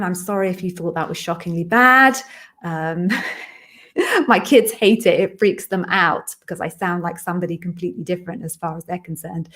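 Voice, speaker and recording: A middle-aged woman with a mid-range voice runs a live Q&A stream as an interview coach. Her tone is chatty and friendly, and she frequently drops in quick apologetic asides.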